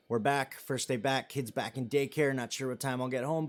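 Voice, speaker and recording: A man's voice: medium pitch, steady tone, normal speed. A man in his thirties hosting a live stream, chatting casually and rambling as he reads viewer comments and jokes about himself. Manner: self-deprecating and joking.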